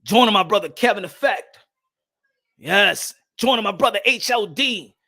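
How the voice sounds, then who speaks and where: A man hosting a casual boxing commentary vlog, ranting loudly and profanely, repeating phrases and laughing at his own points. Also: high-pitched, expressive, normal speed, vocal fry. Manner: loud, profane, heated ranting with bursts of shouting. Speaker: boxing channel host.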